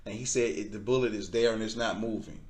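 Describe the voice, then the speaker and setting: A man recounts a personal story in conversation. He animates it by mimicking the people he quotes, with frequent laughter and an easy, expressive delivery. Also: on the low side, fast talker. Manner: animated, acts out quoted voices, laughs often. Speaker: guest. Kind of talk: storytelling testimony.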